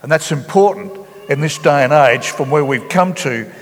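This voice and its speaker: A man preaching a sermon as pastor, earnest and halting, with many fillers and restarts. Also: fairly high pitch, expressive, big-room sound. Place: church hall.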